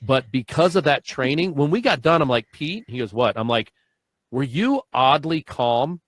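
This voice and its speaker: A man's voice: medium pitch, brisk, no room sound. Guy in his 40s hosting a podcast, acts out the dialogue in his stories, laughs a lot, dry sound. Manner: animated storyteller, acts out dialogue, laughs often. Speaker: podcast host. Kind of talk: casual podcast conversation.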